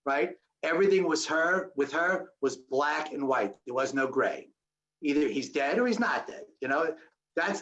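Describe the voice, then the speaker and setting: An older man in his sixties tells his story as a guest on a video call, lively and funny, slipping into the voices of the people he quotes. His voice sits a bit high for a man. The call audio is dull and lo-fi. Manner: animated storyteller who acts out quoted voices with humor. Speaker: guest speaker. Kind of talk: storytelling talk with Q&A.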